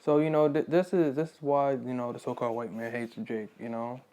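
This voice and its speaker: A man reading scripture aloud quietly and breaking off into casual spoken commentary, full of "you know". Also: fairly even intonation, brisk, dull audio. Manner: quiet, low reading of scripture, louder and livelier in his asides; leans on "you know" constantly.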